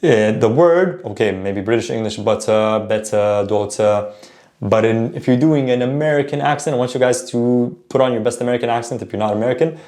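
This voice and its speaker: A man teaching a casual spoken lesson, stopping often to say example words slowly and correct himself. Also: mid-range voice, darkish tone. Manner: repeats words slowly to model pronunciation; self-correcting, informal. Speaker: language teacher.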